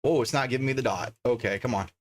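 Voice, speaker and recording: A man talks his way through a casual livestream from his home desk. His voice sits at an ordinary middle pitch, and he rambles loosely, thinking aloud as he reads out one name after another. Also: quick pace, slight background noise. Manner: chatty, thinks aloud, reads card names as he goes. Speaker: livestreamer opening card packs.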